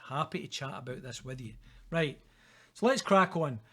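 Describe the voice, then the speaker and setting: A man's voice: medium pitch, animated, moderate pace, a bit bright, husky. A middle-aged man with a Scottish accent giving a recorded university lecture in a chatty, informal way, often checking in with "okay?" and "guys".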